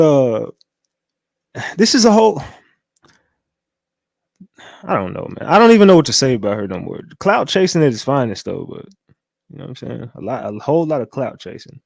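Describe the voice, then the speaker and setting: A man hosting a casual livestream, talking loosely, repeating catchphrases and shouting out viewers. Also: medium pitch, creaky, dry recording. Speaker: livestream host.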